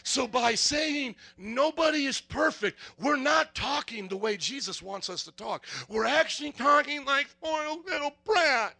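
A man's voice: very high-pitched, expressive, measured pace, vocal fry, hardly any pauses, pushed and bright, husky. A man preaching a sermon, firing rhetorical questions and acting out little dialogues.

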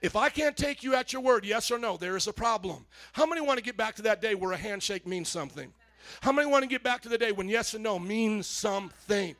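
A male pastor preaching a sermon to his congregation, animated, calling out to the audience and rising to shouts. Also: sits high, a little fast.

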